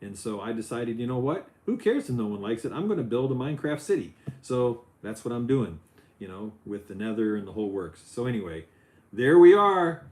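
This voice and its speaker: A middle-aged man hosting a casual Lego building livestream, loose and chatty, his voice jumping up when he gets excited. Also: medium pitch, a little fast. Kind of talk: casual chat while building. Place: home office.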